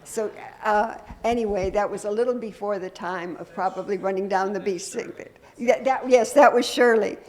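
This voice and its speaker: A woman's voice: medium pitch, moderate pace, hardly any pauses. Woman minister preaching conversationally. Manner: warm, conversational preaching with humor and audience questions. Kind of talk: sermon to a congregation. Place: church sanctuary.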